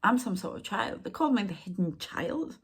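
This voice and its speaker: A middle-aged woman, a psychic medium rambling through a spiritual channelling monologue that drifts into hushed whispered asides. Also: medium pitch, expressive, moderate pace, breathy edge.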